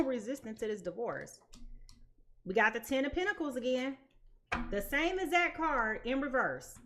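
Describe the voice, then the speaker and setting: A woman with a high, bright voice gives a live tarot reading. Her pitch swings widely as she talks, and she is blunt and emphatic, driving each point home by repeating it. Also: a little hiss or hum. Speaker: tarot reader.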